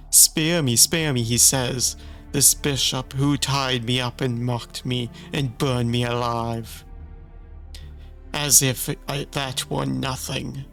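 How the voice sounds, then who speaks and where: A cold, vengeful holy woman , read out by a man in a low, near-ordinary voice, mocking her enemies in slow, drawn-out sneers. The delivery stays unhurried, with faint music behind. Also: gravelly, fairly bright tone. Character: vengeful dark female saint, cruel and mocking.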